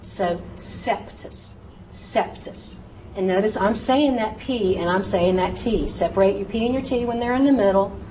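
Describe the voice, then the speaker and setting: A woman's voice: medium pitch, fairly quick, few pauses. A woman teaching medical terminology in a recorded lecture, patiently spelling out words letter by letter and repeating each pronunciation. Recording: echoey room, mic far off, steady noise.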